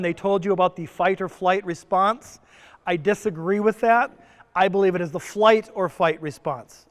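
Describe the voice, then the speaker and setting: A middle-aged man giving a joking conference talk as a presenter, often asking the audience questions. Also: high-pitched. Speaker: presenter at a stress summit. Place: resort conference room. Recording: long reverb of a conference hall.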